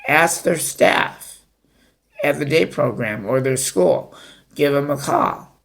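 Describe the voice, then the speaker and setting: Slow, gravelly-voiced man giving advice. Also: medium pitch, expressive, a bit bright. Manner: halting, many fillers and restarts. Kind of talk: unscripted talk to camera.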